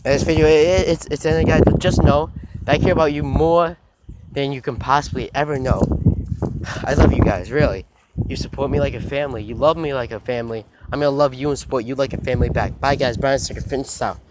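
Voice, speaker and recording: A man's voice: medium pitch, fast talker. Rambling profane young man outdoors. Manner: rambling, repetitive and profane, with stumbling restarts. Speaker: fitness vlogger. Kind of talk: rambling off-the-cuff vlog. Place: outdoors in a rural spot. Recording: loud outdoor background noise.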